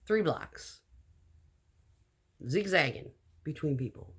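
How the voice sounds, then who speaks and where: A woman telling a personal story in a casual storytime vlog, animated and blunt, acting out the lines of the people in it. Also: low voice, slow, breathy edge. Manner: animated, acts out quoted dialogue.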